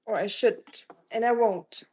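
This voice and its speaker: A woman's voice: fairly high pitch, measured pace, darkish tone, slightly rough, rough recording. Chatty woman streamer cooking in kitchen. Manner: chatty, greets viewers by name, teasing jokes. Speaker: live streamer. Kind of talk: casual live-stream chat while cooking. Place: home kitchen.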